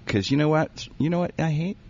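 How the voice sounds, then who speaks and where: A man's voice: fairly high pitch, brisk, darkish tone. A man rambling through a comic recipe bit, joking and breaking into laughter. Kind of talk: comedic banter, reading a recipe aloud. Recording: dull lo-fi recording.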